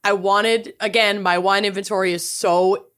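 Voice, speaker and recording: Bright, animated woman co-host. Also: medium pitch, moderate pace, smooth. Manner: animated, self-mocking banter. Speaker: podcast co-host. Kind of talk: casual chat.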